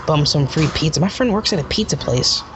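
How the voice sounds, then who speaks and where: A man hosting a casual podcast, joking and excitable, talking in loose rambling bursts. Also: on the high side, fairly quick, noisy background. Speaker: podcast host. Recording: muffled lo-fi recording.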